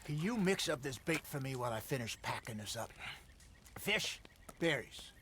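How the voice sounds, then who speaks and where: An actor playing a seasoned, folksy older outlaw in a video game, with easygoing old-West speech. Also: male voice, medium pitch, lively intonation, normal speed, bright, forceful tone, a little hiss or hum. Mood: instructive.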